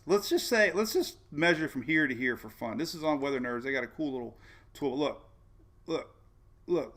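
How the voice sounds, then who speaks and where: A man's voice: medium pitch, creaky, fairly bright tone. A man hosting a casual weather livestream, chatty and folksy, often repeating himself and saying "man". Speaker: weather show host.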